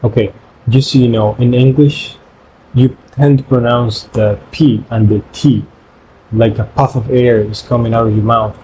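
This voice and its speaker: A man whose first language is Spanish, teaching pronunciation in English by repeating syllables in slow drills. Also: mid-range voice, steady tone, warm tone, slight background noise, rough recording. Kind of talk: pronunciation lesson.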